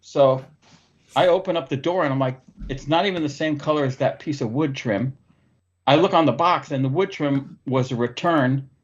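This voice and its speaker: A man's voice: mid-range voice, highs cut off. A man hosting a podcast, telling stories in casual, profane chat. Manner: profane, animated storyteller. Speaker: podcast host.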